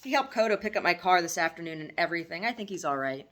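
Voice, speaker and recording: A woman's voice: on the low side, expressive, quick pace, a bit bright. A woman voicing a grown son, an anxious and lovesick young man, in an earnest, pleading way.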